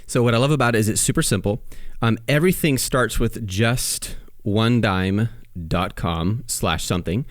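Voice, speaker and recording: A man's voice: lowish voice, moderate pace, no echo, clean studio sound. Upbeat podcast co-host man. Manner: energetic, enthusiastic, salesy. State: out of breath. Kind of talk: casual podcast chat.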